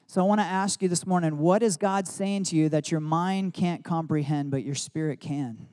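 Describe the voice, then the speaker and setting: Male pastor, slightly high warm voice, chatty storytelling sermon. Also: moderate pace. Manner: storytelling, conversational with frequent "like". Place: church service.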